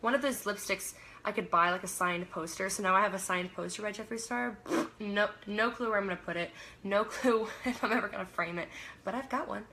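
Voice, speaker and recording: A woman's voice: medium pitch, brisk, pushed and bright, a little hiss or hum. A young woman from Canada hosting a casual livestream, reading viewer comments aloud, laughing often and trailing off mid-sentence. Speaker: livestream host.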